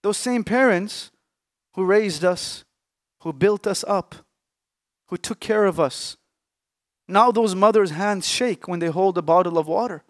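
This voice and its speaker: Young male preacher, high voice, dry close recording, emphatic sermon that drops into hushed pauses. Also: no echo. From Canada. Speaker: Islamic scholar. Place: mosque or lecture hall.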